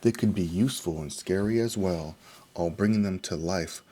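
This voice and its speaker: Male picture-book reader, rhythmic rhyme, dark husky low voice. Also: moderate pace. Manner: steady, rhythmic storytelling. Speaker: storybook reader. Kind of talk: rhyming picture-book read-aloud.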